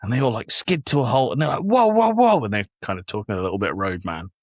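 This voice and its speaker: A fairly low-voiced man speaks quickly in a dry, clean studio recording. He's an English podcast host with a young child, telling stories in casual conversation and animatedly acting out the quotes.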